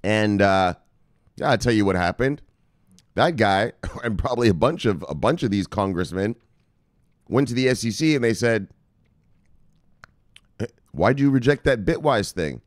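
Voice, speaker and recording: Male crypto news host, low voice with big swings in pitch, swears and laughs, dry close sound. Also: no room sound. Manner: animated, swearing, laughing, drawn-out asides. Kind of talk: casual profane news commentary.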